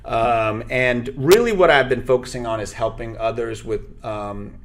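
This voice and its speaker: A man whose first language is Spanish, telling stories as a guest in an interview, animated and acting out voices. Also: mid-range voice, normal speed. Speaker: actor and radio host, guest. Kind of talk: interview storytelling.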